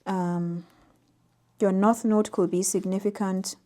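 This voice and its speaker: A woman giving an intuitive tarot reading to camera, reading out card meanings in a soft, gently emphatic way. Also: medium pitch, fairly even intonation, slow. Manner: soft-spoken, reads oracle card text aloud with gentle emphasis. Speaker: tarot reader.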